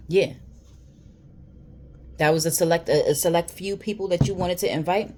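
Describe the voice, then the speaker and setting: A woman's voice: extremely low pitch, a little mellow. A woman telling a personal story straight to camera, in a blunt, emphatic and heavily profane way. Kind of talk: storytime monologue.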